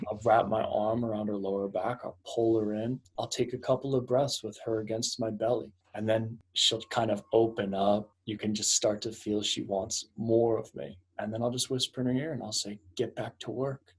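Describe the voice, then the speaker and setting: Husky-voiced man, calm coach explaining. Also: lowish voice, moderate pace, hardly any pauses. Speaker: intimacy coach guest. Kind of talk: conversational storytelling.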